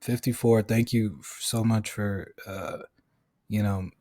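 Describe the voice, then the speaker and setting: A man's voice: fairly low pitch, steady tone, a little slow, warm tone. A man hosting a podcast in casual chat, chatty and rambling, with lots of "you know" and restarts. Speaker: podcast host.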